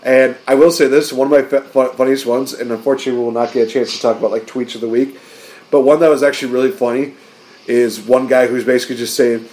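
Guy on a podcast going over wrestling, excitable, mid pitch, jumps up high doing quotes. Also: fast talker. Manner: excitable, acts out quotes in raised voices. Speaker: podcast co-host. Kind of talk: casual wrestling recap chat.

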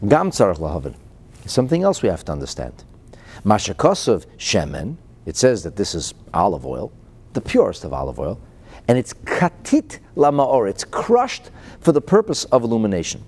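A man's voice: fairly low pitch, huge pitch swings, normal speed, darkish tone, husky. A man teaching Torah and explaining a Chassidic discourse. He reads out Hebrew phrases, translates them into English, asks rhetorical questions and chuckles between points.

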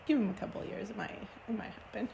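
Gravelly, giggly woman co-host. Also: medium pitch, fast talker, dark tone, a little hiss or hum. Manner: giggly, dry quips. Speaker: podcast co-host. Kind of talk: casual chat.

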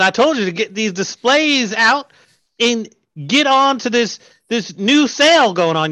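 A man doing a shrill, bullying hardware-store boss in an improv comedy scene. He barks sarcastic orders, his voice sharp and high with big swings of pitch, recorded close and dry. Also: no room sound, full character voice. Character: bossy tyrannical male hardware-store boss.

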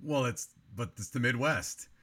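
A man's voice: medium pitch, expressive, a little slow, crowd noise. A man hosting a movie review podcast, critiquing a film in long, analytical, run-on remarks in casual chat.

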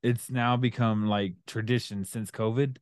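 A man's voice: fairly low pitch, steady tone, a little slow, dry recording, studio quality. A middle-aged man co-hosting a casual father-and-son chat, laid-back and laughing often. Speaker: co-host, father.

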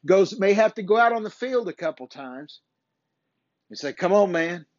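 A man's voice: high voice, lively intonation, moderate pace, no echo. A man hosting a faith podcast, giving an earnest, preachy motivational talk like a coach, with mild swearing, on a dull, dry, lo-fi recording. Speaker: podcast host.

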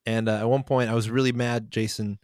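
A young man in a casual podcast chat, rambling through a story with plenty of filler words and chuckles. His voice sits at an ordinary middle pitch. The sound is close and dry. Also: level tone, a little fast, darkish tone, no echo. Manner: rambling, lots of fillers, laughs while telling stories.

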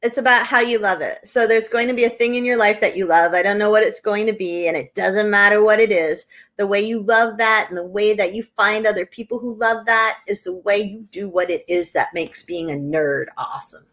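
A woman's voice: medium pitch, brisk, fairly bright tone. A woman co-hosting a podcast in casual chat, teasing her partner and laughing often. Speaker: podcast co-host.

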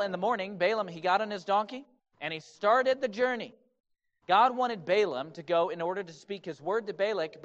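A man preaching a sermon in a conversational way, often asking rhetorical questions. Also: high-pitched. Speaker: pastor. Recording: dull lo-fi recording.

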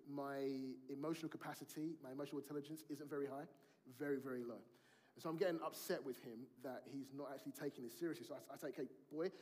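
A man, preaching a sermon in a conversational storytelling way and acting out family dialogue. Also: mid-range voice.

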